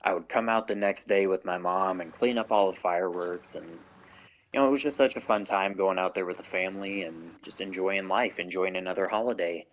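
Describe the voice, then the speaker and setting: Low-voiced man, swearing and rambling. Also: fairly quick, slight background noise. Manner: constant swearing, rambling asides. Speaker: gaming channel host. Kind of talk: casual storytelling to camera.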